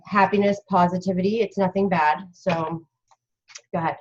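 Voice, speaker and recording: A woman's voice: fairly low pitch, steady tone, normal speed, darkish tone, slightly rough, highs cut off. A woman doing an astrology reading on a casual live stream, blunt and chatty, with casual swearing. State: cold, shivering. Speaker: astrology reader.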